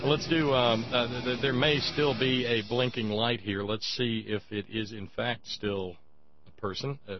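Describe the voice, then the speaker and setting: A man's voice: medium pitch, steady tone, a little slow, faint music behind. A man hosting a radio talk show, chatting wryly and rambling with stammered restarts while reading an ad and taking calls. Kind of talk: casual radio talk with live ad read. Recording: muffled lo-fi radio broadcast.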